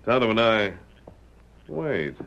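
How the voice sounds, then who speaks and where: An actor playing a calm, commanding masked hero who speaks in firm, measured sentences, heard on a muffled old radio broadcast with faint hiss. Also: male voice, fairly low pitch, gravelly, exaggerated voice. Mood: probing.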